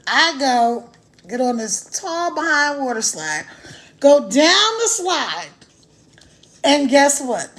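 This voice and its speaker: A woman chatting casually on a livestream into a phone, animated and laughing often as she talks. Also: sits high, extremely slow, long pauses. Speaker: online business promoter. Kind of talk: casual live-stream chat.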